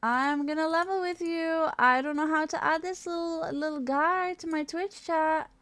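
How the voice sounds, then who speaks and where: A woman's voice: moderate pace, no echo. A young woman streaming live, chatting casually and greeting her viewers in a bubbly, rambling way, with casual swearing. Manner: bubbly, chatty, greets chat with high excitement.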